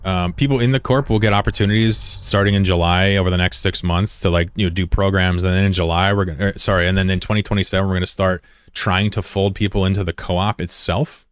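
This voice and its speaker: A man from the United States chats live with his stream viewers in a blunt, profane way. His voice sits low, and the recording is dry and close, with no room sound. He argues readily with critics in the chat. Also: fairly even intonation, fast talker, hardly any pauses, a bit bright, smooth, no echo. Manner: blunt and profane, often swearing; argumentative when answering critics. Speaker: livestreamer. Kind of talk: casual livestream chat with viewers.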